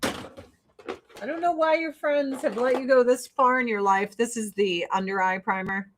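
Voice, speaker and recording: A woman's voice: on the high side, fairly even intonation, unhurried, slight background noise. Blunt, profane woman ranting. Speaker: beauty vlogger doing her makeup. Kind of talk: casual get-ready-with-me rant.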